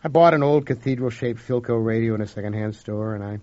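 A man's voice: mid-range voice, fast talker, a little mellow, highs cut off. A man giving an emotive, dramatic first-person reading of a story. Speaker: audiobook narrator.

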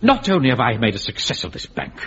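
A man's voice: medium pitch, wildly swooping pitch, fast talker, a bit bright, breathy edge, exaggerated voice. A man playing a pompous, self-important middle-aged bank manager and platoon captain. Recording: dull lo-fi radio recording with hiss.

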